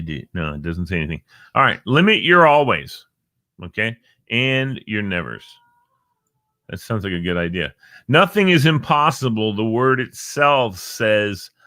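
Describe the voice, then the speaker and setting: A man whose voice sits on the low side hosts a casual encouragement live stream, reading inspiring quotes and joking around with viewers he calls by name. He's animated and playful, and the studio-quality audio has no room sound.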